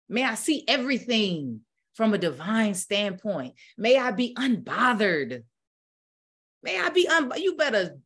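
A female spiritual teacher speaks at a medium pitch, preaching with growing fervor before shifting into a slow, calm guided meditation.

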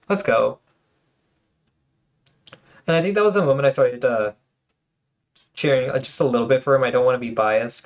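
A man casually commenting on game replays, often stuttering and restarting his words, with apologetic asides. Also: medium pitch. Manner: self-conscious, apologetic asides.

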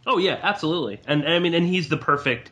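A young man hosting a podcast, chatty and quick to laugh, with plenty of fillers. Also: fairly high pitch, pushed and bright. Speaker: podcast host. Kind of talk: casual podcast discussion.

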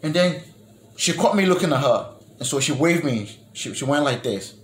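Storytelling man in an echoey room. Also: normal speed. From New York, United States. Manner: repeats and restarts words, drops to a low murmur for asides. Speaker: vlogger telling a personal story. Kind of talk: casual storytelling to camera. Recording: echoey room with faint noise.

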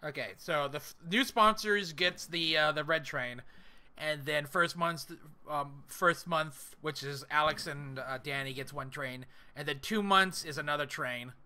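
A man's voice: on the high side, a little slow, sharp tone. A man hosting a casual game stream, rambling with lots of fillers while he plays. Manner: rambling, filler-heavy, easily distracted. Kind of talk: casual gaming chat.

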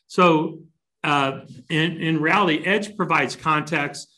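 A man presenting a business webinar, measured and deliberate, shifting his stress to make points. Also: fairly high pitch, steady tone, pushed and bright. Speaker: company chief executive presenting a webinar.

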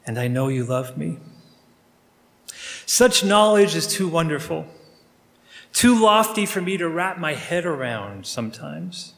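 A male pastor praying aloud during a sermon, speaking earnestly and intimately to God. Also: on the high side. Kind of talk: spoken prayer in a sermon. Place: church sanctuary. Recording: long reverb of a large room.

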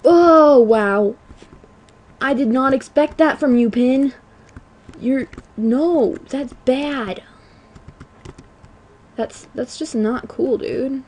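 A teenage girl at home giving chatty, self-mocking commentary on a video game, often apologizing and breaking into excited outbursts. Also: high voice, slow pace, pauses often, slightly rough. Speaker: let's play gamer. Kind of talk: casual gameplay commentary.

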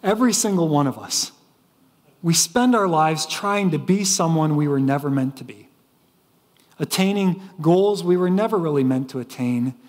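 A man's voice: a little high, long reverb tail. A man preaching a sermon as pastor, telling stories with frequent restarts. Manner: storytelling preacher with repeated restarts. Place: church sanctuary.

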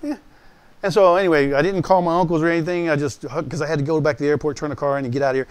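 A male pastor giving a personal testimony sermon, speaking directly and conversationally to his listeners, animated as he acts out the voices he quotes. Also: a little high, very fast, clean tone.

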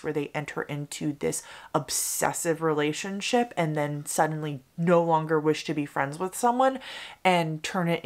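A young woman talking casually about books she loved, chatty and expressive, gushing at times, in her apartment. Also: low-pitched. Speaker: book reviewer. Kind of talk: casual book review vlog.

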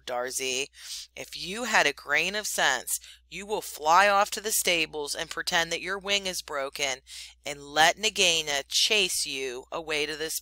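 A woman reads as a fierce young mongoose in a storybook, scolding and urgent. The voice is bright and clear, and the words come slow and deliberate in a dry, close sound. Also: low voice, dry recording, rough recording. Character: brave young male mongoose, fierce and quick.

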